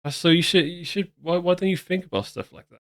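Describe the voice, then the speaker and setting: A man's voice: sits high, fairly even intonation, fast. Sarcastic man reacting to a clip. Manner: sarcastic, mocking, repetitive restarts. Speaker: commentary channel host. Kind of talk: casual reaction commentary.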